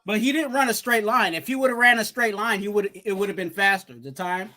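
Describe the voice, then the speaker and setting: A man's voice: high voice, brisk, sharp tone. A man talking sports in casual chat, rambling, repeating himself and stumbling over his words.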